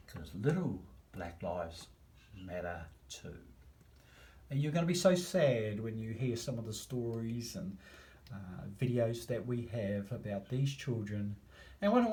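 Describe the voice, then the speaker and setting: A man with a New Zealand accent making an impassioned appeal to viewers, stretching out key phrases and swinging between loud stresses and hushed asides. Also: lowish voice. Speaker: campaigner addressing viewers.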